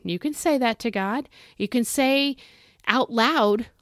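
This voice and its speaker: A woman's voice: on the high side, slow, fairly bright tone, dry recording, clean studio sound. A middle-aged woman hosting a devotional podcast, preaching in a fervent, folksy, exhorting way. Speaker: podcast host.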